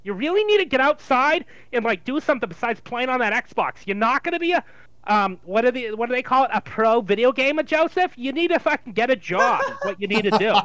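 A man voicing an older nagging mother in a put-on New York Jewish accent, high and whiny. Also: lively intonation, fairly quick, a bit bright, no room sound. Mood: scolding. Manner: high shrill whiny scolding. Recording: dull dry lo-fi sound.

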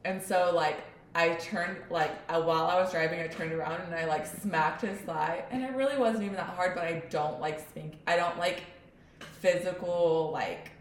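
A woman's voice: fairly low pitch, steady tone, normal speed, echoey room, a little hiss or hum. A young woman co-hosting a podcast who tells stories with animation and acts out her son's voice. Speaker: podcast co-host. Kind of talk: casual chat.

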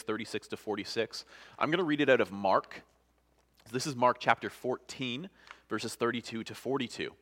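A man's voice: mid-range voice, a bit bright. Earnest conversational male pastor. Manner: earnest, conversational, with many restarts and "right?". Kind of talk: sermon.

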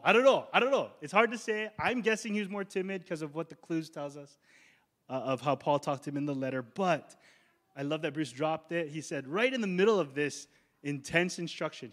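A male pastor preaching a sermon in a conversational, urgent way, slowing down on key words. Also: on the high side. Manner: conversational preaching, slows down for emphasis.

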